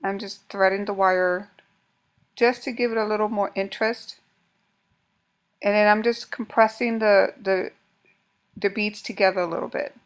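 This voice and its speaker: A woman's voice: mid-range voice, fairly even intonation, moderate pace, pauses often. Casual woman demonstrating a craft. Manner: casual, talks while working, frequent restarts. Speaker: craft tutorial host.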